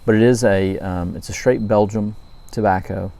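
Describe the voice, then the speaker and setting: A man from Louisiana casually reviewing pipe tobacco, relaxed and rambling with frequent ums. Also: on the low side, moderate pace, vocal fry. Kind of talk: casual night-time review vlog.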